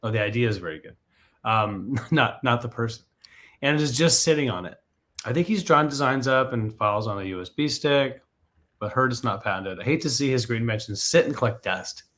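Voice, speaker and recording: A man's voice: medium pitch, a little fast. Joking man reading viewer questions. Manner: lively, joking, reads questions aloud. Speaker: patent attorney host.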